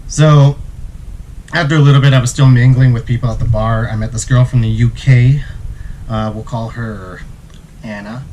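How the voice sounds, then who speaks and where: A man's voice: mid-range voice, normal speed, a little hiss or hum, poor audio. Male travel vlogger, mid voice, laid-back storyteller. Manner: relaxed, acts out quotes. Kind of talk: casual storytelling.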